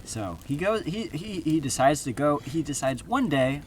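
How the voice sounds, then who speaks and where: A man's voice: on the high side, sing-song, normal speed, few pauses, far from the mic. A man telling an improvised story outdoors at a campfire, rambling with many fillers and restarts. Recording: outdoor campground noise.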